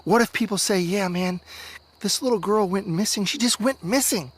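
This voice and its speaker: A man's voice: high voice, moderate pace, breathy edge, pitched above the performer's own voice. A man voicing a sixth-grade boy's inner thoughts and calls while he searches through a snowstorm in a read-aloud story. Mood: anxious. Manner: inner thoughts, sometimes calling out. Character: sixth-grade boy lost in a snowstorm, earnest.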